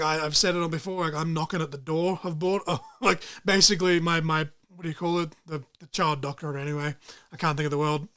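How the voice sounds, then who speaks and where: A young man co-hosting a casual podcast, talking in an excitable, rambling way and swearing freely. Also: on the high side. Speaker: podcast co-host.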